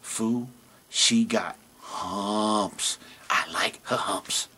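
A man voicing a cocky, lovesick male dromedary camel that mumbles low and calls others fool. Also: drawn-out words, pushed and bright, husky, exaggerated voice. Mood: smug.

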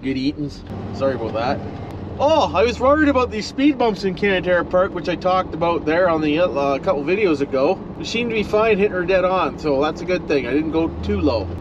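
A man's voice: high voice, animated, brisk, highs cut off. A middle-aged man rambling folksily to the camera as he drives an old pickup truck. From Ontario, Canada. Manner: folksy, rambling, talks to passing animals. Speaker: vlogger. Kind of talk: casual driving commentary. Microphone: camera mounted in the truck cab. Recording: loud engine and road noise in a truck cab. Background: engine and road noise.

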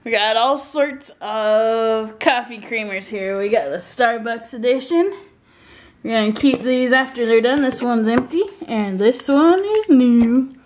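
A woman's voice: fairly high pitch, a little slow, darkish tone. A woman chatting casually in a vlog, bubbly and giggly, with sing-song asides while driving. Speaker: vlogger. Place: in a car, driving.

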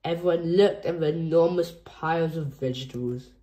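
A woman reading a children's picture book aloud in a gentle storytelling manner. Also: low voice, moderate pace. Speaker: storybook reader.

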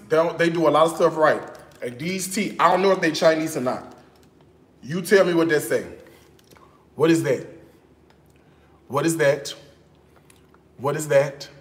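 A man vlogging in his home kitchen, chatting in a sassy, animated way with speech. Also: a little high, roomy sound. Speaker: cooking vlogger. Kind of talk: casual chat.

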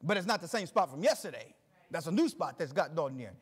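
A middle-aged male pastor preaching a sermon, reading scripture slowly and building emphasis through repetition. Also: on the high side, sing-song, slightly rough.

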